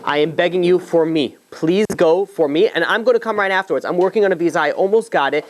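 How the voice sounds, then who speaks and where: A man's voice: a little high, fast talker, a little hiss or hum, lightly acted. A man retelling an earnest husband begging. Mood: tender. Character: young husband urging his wife to flee.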